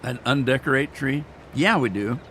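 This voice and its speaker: A man chatting in a rambling, folksy way to live viewers while playing a farming game, his throat irritated so he keeps clearing it. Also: medium pitch, moderate pace, noisy background. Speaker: gaming streamer.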